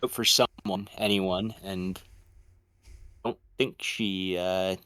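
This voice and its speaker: Low voiced guy cohosting a movie podcast, playful and chatty, super dry mic. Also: steady tone, takes it slowly, a bit bright, smooth, no echo. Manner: chatty, playful, breaks into impressions. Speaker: podcast co-host. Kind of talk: casual film discussion.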